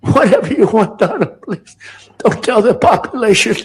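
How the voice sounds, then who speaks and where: A man's voice: high voice, lively intonation, moderate pace, pitched above the performer's own voice. A man putting on a French accent to play a fawning middle-aged male president who begs to please. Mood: pleading. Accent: put-on French. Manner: pleading, begging, overly eager.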